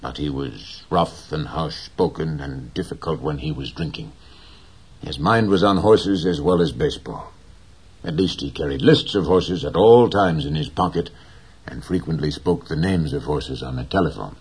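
Man doing a gentle old fisherman, super deep husky voice, slow and dignified. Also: heavily acted. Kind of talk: audiobook character reading.

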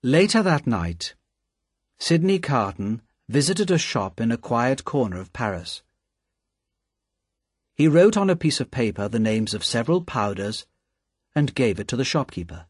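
Slow husky male storyteller. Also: medium pitch, dry recording, clean studio sound. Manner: slow, deliberate, expressive reading. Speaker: narrator. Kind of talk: scripted storybook narration.

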